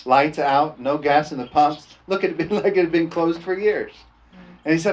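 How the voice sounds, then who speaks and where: Laughing, folksy preacher man, slightly high voice. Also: fairly quick. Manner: folksy, laughing often, punctuating with "amen?". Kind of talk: storytelling sermon.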